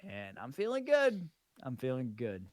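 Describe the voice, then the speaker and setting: Slow, giggly tipsy man. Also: medium pitch, wildly swooping pitch, no echo. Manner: slow, giggly, rambling talk. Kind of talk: casual podcast chat.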